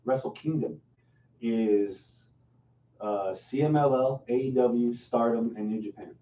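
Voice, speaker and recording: A man's voice: medium pitch, unhurried. A man co-hosting a podcast in casual wrestling chat, laid-back and asking the others questions. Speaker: podcast co-host. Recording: roomy, distant, dull with faint noise.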